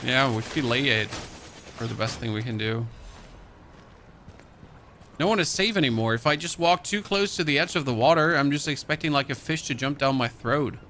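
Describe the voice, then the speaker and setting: A man's voice: medium pitch, normal speed, long pauses, sharp tone, a little hiss or hum. A young man from Germany with a light German accent, casually commenting while playing a game and reading item notes aloud. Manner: chatty, reads in-game notes aloud, jumpy outbursts. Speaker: streamer. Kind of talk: gaming livestream commentary.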